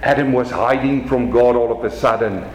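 South African pastor preaching in echoey hall. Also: male voice, mid-range voice, normal speed. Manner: animated preaching, swings from quiet to raised. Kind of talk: sermon.

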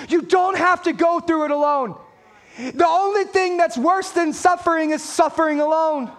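A man's voice: extremely high pitch, a bit bright. A man preaching a sermon as a pastor, talking straight to his congregation with emphatic points and playful jokes.

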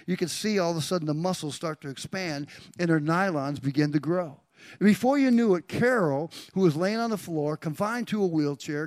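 A man in his sixties, a pastor, telling a testimony in a sermon, animated, swinging from quiet storytelling to loud bursts. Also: sits high, no room sound.

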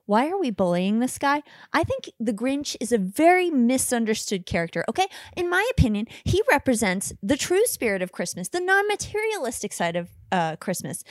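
A woman's voice: a little high, no echo, clean studio sound. A woman co-hosting a comedy podcast, ranting playfully in casual chat. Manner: animated, playful rants. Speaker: podcast co-host.

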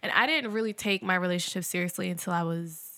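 A young woman co-hosting a podcast, talking in a playful, animated way with plenty of laughter. Her voice is bright and forward. She sits close to the mic in a dry, deadened room. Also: lowish voice, quick pace, no room sound. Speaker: podcast co-host. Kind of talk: casual chat.

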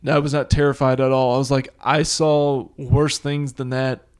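A man with a mid-pitched voice co-hosting a loose chat show. He tells stories with sarcastic exaggeration and fires back quick comebacks. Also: flat delivery, clear, resonant tone. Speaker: podcast co-host. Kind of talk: casual banter.

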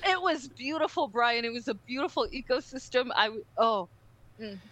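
A woman on a podcast, telling a story in a lively chat and swearing freely. Her voice sits a little high and rings bright and forceful. She keeps slipping into playful impressions of the people in the story. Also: moderate pace, muffled recording. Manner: animated, profane, acts out other people's voices. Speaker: podcast co-host.

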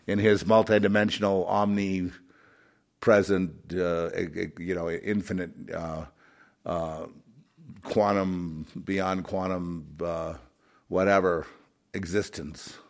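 A very low-voiced man rambles through an emotional monologue, restarting his sentences and padding them with fillers. He swings from raised, fired-up lines to low mutters. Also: steady tone, slow pace.

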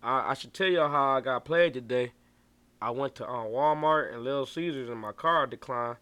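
A man's voice: medium pitch, moderate pace, bright, forceful tone, clean tone. A man co-hosting a podcast, telling a story in a laid-back, slangy way and laughing often. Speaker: podcast co-host. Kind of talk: casual chat.

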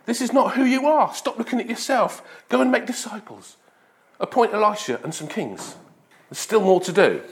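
A man's voice: sits high, animated, normal speed, voice pushed up. A man voicing God, giving firm, urging commands in a sermon. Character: God speaking firmly to a prophet.

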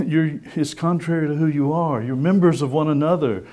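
A man preaching a sermon, conversational and lively, firing rhetorical questions and acting out little voices. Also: fairly high pitch, normal speed.

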